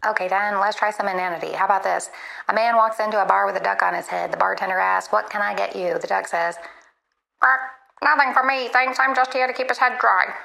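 A woman's voice playing an earnest, literal chatbot assistant in a comedy skit, polite and quick to apologize. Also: mid-range voice, steady tone, vocal fry, sharp tone, poor audio.

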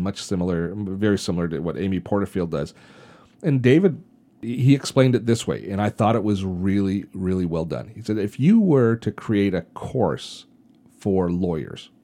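A man talks through a solo podcast episode in an earnest, advising way, often restarting his sentences. His voice sits fairly low and has a dark, mellow tone. He sounds like a host coaching his listeners. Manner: earnest advice-giving, frequent restarts.

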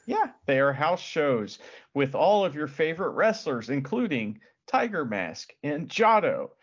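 A man chats about wrestling with a lively, bouncing pitch, full of jokes and laughter. His recording sounds dull and lo-fi, like a home podcast setup. He talks loosely and enthusiastically. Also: measured pace, husky. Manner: joking, animated, breaks into laughter and shouted crowd impressions. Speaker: podcast co-host. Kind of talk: casual wrestling chat.

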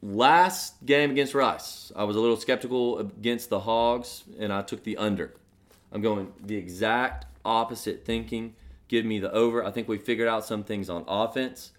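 A man's voice: lowish voice, steady tone, moderate pace. A man co-hosting a podcast, a bit out of breath, joking and bantering in casual sports chat. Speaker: podcast co-host.

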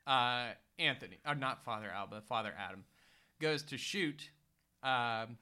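Bright, ranting profane man. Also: mid-range voice, animated, a little slow, clean tone. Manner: profane, exasperated ranting with put-on quotes. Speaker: podcast co-host. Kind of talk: casual movie-recap chat.

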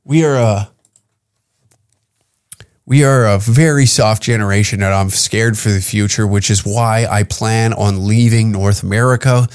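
A man's voice: on the low side, a little slow, clear, resonant tone. A man from Canada, a comedian hosting his own podcast, ranting profanely and heatedly on his own. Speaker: podcast host and stand-up comic. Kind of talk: solo podcast rant.

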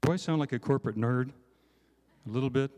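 A man's voice: medium pitch, fast, warm tone. Man preaching in a reverberant hall. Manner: conversational, self-deprecating, frequent "right?" asides. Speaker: conference speaker. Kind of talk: sermon.

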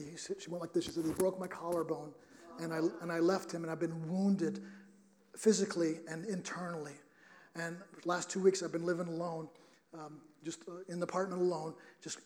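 A middle-aged man preaching a sermon, telling a personal story earnestly with many restarts. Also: high voice.

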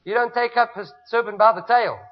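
High-voiced South African preacher. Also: male voice, steady tone, fairly quick. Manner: emphatic, repetitive preaching with call-and-response. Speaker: pastor. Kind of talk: sermon. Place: church. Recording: dull lo-fi recording.

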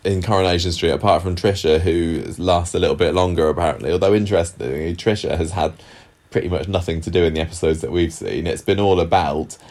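A man's voice: low-pitched, fairly even intonation, fast talker, few pauses, a little mellow. A man co-hosting a podcast, chatting casually about an old TV soap with frequent fillers and restarts. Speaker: podcast co-host. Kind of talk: casual chat.

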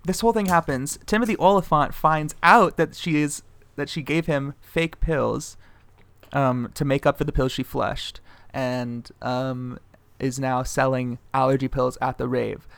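A man's voice: medium pitch, steady tone, a little slow, creaky, a bit bright, smooth, no room sound. A young man co-hosting a comedy podcast, casually and jokingly retelling a movie plot and laughing often. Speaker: podcast co-host.

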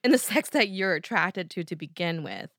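A woman with a New Jersey accent co-hosting a casual chat, thinking aloud and filling pauses with "you know.". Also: fairly low pitch, expressive, a bit bright, dry recording, studio quality. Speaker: podcast co-host.

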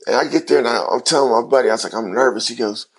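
A man's voice: medium pitch, rapid-fire, husky. A middle-aged man, a former basketball player, telling his story in an interview, acting out the voices of people he quotes.

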